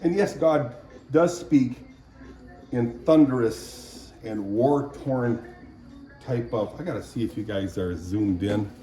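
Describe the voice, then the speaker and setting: A man talks slowly and loosely into his camera, drifting between faith thoughts and small personal asides. He clears his throat again and again and keeps a chatty, joking tone. His pitch sits in an ordinary middle range. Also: dark tone, poor audio. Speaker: vlogger sharing faith reflections. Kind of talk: casual rambling devotional chat.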